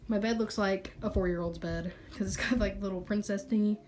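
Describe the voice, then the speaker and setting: A woman's voice: mid-range voice, fairly even intonation, fairly quick, a little mellow, slight background noise. A young woman in her late teens giving a bubbly, sassy tour of her bedroom, her nose stuffed up so she breathes hard. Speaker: beauty vlogger. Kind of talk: casual room tour chat.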